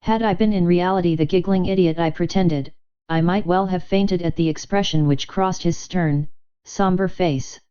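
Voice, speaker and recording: A woman narrating a novel in first person as an audiobook, in a measured, wry storytelling manner. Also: lowish voice, warm tone, smooth, lo-fi sound.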